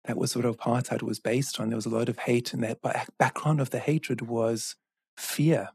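A man speaks in an earnest, measured way, with a husky grain to his voice. He tells a story as a guest in conversation. The recording is dry and close. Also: mid-range voice, fairly even intonation, dry recording. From South Africa. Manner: earnest, measured, with frequent restarts and asides. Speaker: author and guest.

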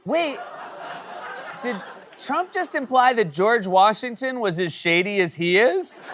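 A man's voice: sits high, expressive, measured pace, a bit bright, a faint crowd. A man hosting a late-night comedy show, delivering a sarcastic, jokey monologue.

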